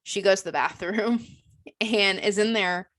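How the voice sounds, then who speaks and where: A young adult woman co-hosting a podcast, telling a story in a casual chat, animated, laughing often and acting out the people she quotes. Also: mid-range voice, a little slow. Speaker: podcast co-host.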